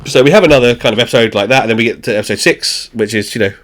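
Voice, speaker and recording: A man's voice: mid-range voice, racing. Laughing, swearing man retelling a show. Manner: animated storytelling, swears freely, laughs often, acts out the characters. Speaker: podcast host. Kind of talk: casual chat recapping a show.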